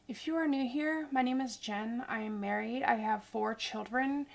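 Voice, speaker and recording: A fortysomething woman vlogger from Idaho, US, chats casually, tired yet talkative, wandering into goofy tangents. Her gravelly voice is fairly high-pitched, at a normal speed.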